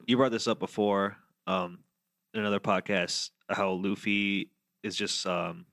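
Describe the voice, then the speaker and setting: Young male co-host, lower voice, jokey and animated, close dry mic. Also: a little slow, dry recording. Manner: teasing, laughs often, jokey. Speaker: podcast co-host. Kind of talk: casual chat about a cartoon series.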